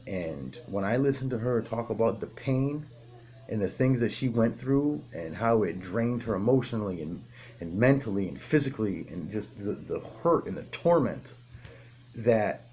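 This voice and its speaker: Deep-voiced man, blunt recovery story. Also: a little mellow, a little hiss or hum. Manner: raw, blunt, heavy swearing, halting restarts. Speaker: person in recovery telling his story. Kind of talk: candid personal recovery story.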